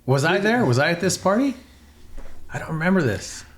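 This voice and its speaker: A man's voice: high-pitched, big pitch swings, a little fast. A man hosting a podcast in casual chat, a former motocross racer who reacts with short, laid-back comments and questions.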